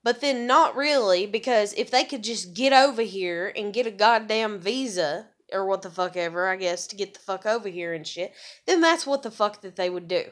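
An American woman ranting in a vlog, angry, profane and rambling, her voice jumping high when heated. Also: expressive, moderate pace, a bit bright. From USA. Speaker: vlogger. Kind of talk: ranting monologue.

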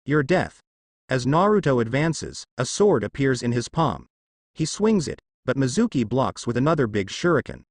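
A man's voice: medium pitch, big pitch swings, normal speed, dry recording, clean studio sound. A man narrating a dramatic fan fiction story.

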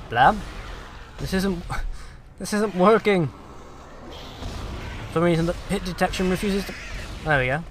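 A man's voice: high-pitched, unhurried, long pauses, slight background noise. A British man giving sarcastic, profane let's play commentary and taunting the enemies on screen.

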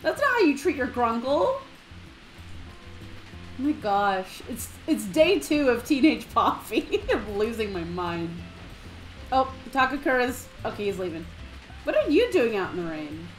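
Woman streamer, giggly and chatty, high voice that swings all over, soft game music underneath. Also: sing-song, measured pace. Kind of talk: casual let's-play commentary.

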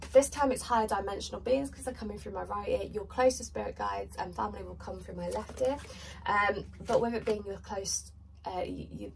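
A woman's voice: medium pitch, vocal fry, recorded from a distance, a little hiss or hum, low-quality recording. A woman giving a chatty, rambling pick-a-card tarot reading while congested with a cold. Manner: chatty, rambling, filler-heavy. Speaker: tarot reader.

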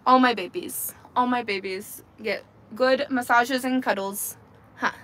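A woman's voice: fairly high pitch, measured pace, a bit bright. A woman hosting a casual livestream outdoors among her goats, talking into a phone on a selfie stick, cooing baby talk to the animals and laughing often. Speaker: livestream host on a goat farm.

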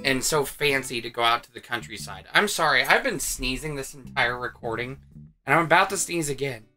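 A man's voice: medium pitch, expressive, a little fast, pushed and bright. A man hosting a reaction video with sarcastic, crude, joking commentary. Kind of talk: casual commentary. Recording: faint music underneath.

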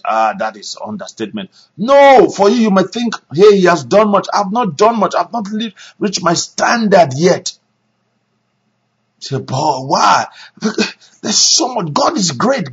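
A male pastor preaching a sermon, animated, with sudden shouts and hushed asides. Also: high voice, a little slow, husky, highs cut off.

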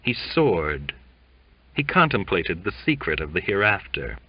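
A man narrating a classic novel in an audiobook, reading in a measured, deliberate way. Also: low voice, sing-song, husky, no echo. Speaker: audiobook reader. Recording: dull lo-fi dry recording.

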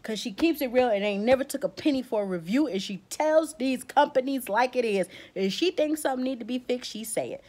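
Lady vlogger going off in a heated rant, kinda high voice, teary and blunt. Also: expressive, fairly quick, hardly any pauses, darkish tone. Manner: fired-up, emotional and blunt, with casual slang. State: close to tears. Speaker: beauty vlogger.

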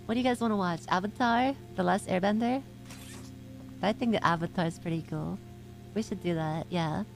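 A woman streamer giving live gameplay commentary, excitable, swearing freely and laughing often. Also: on the low side, normal speed, vocal fry, faint music behind.

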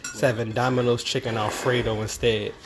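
Co-hosting a cooking livestream, a young man reads out viewer comments in a teasing, easygoing way and laughs easily. His medium-pitched voice moves little in pitch and runs a little fast in this casual chat.

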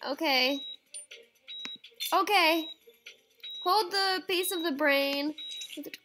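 A woman's voice: very high voice, slow pace, sharp tone, rough recording. A young woman playing a surgery game, chatting casually, reading prompts aloud and reacting with squeamish exclamations. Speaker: game streamer. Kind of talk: casual let's-play commentary.

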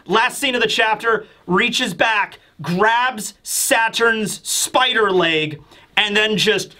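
A man giving casual, excitable commentary as a reviewer who often acts out character lines, recorded close on a desk mic. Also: high-pitched. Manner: excitable, acting out character lines in quick bursts. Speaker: YouTube chapter reviewer.

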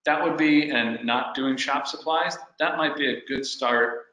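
Mid-pitched man with a bright tone, talking through shop questions in a roomy echo. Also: measured pace. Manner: asks practical what-if questions from a shop owner's view. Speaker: webinar co-host. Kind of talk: business webinar discussion.

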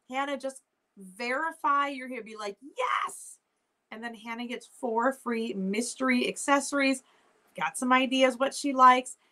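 A woman's voice: fairly high pitch, bright, forceful tone. A woman hosting a live online jewelry sale, chatting in an upbeat way straight to her viewers. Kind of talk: casual live-stream selling chat.

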